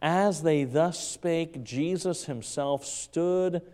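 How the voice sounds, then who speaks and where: A male pastor preaching a sermon in a church, excitable and quick, stumbling and repeating words as his enthusiasm runs ahead. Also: a little high. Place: church sanctuary. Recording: long reverb of a large church hall.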